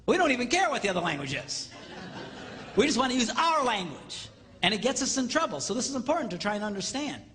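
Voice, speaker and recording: Animated high-pitched male lecturer. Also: quick pace. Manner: animated, acts out quoted voices for laughs. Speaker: seminar speaker. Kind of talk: live comedic lecture. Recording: reverberant hall with faint noise.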